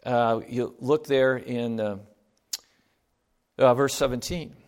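A man's voice: medium pitch, fairly even intonation, slow. A man giving a sermon in a conversational way, reading scripture aloud and asking his listeners rhetorical questions. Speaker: preacher.

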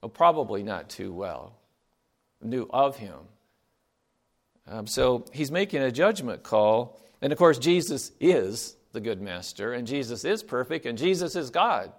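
A man's voice: mid-range voice, sing-song, unhurried. A man giving a sermon in a conversational way, reading scripture aloud and asking his listeners rhetorical questions. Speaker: preacher.

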